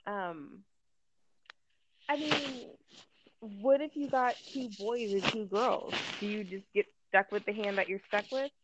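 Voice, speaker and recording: A woman's voice: mid-range voice, unhurried, noisy background. A woman in casual conversation, blunt and joking, who swears. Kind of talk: casual chat.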